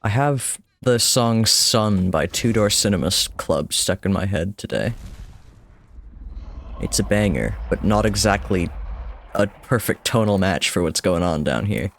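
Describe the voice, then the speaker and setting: A man's voice: fairly low pitch, lively intonation, a little slow. A man streaming a game with casual, chatty commentary, wry and self-deprecating, swearing now and then.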